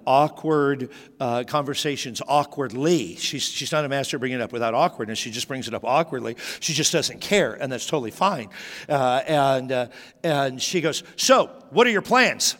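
A man's voice: medium pitch, normal speed. A middle-aged man preaching a sermon as a pastor, telling stories with frequent restarts. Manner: storytelling with repeated restarts. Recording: long hall reverb.

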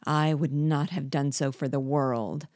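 A woman's voice: sits low, steady tone, unhurried, a little mellow, no echo, clean studio sound. A woman reading aloud as a vengeful, scheming male dwarf who was once a jester, speaking with bitter, gloating deliberation.

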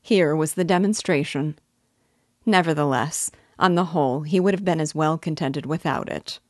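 A woman teacher reading a classic novel aloud in measured narration. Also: low voice, dry recording, studio quality. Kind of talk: audiobook narration.

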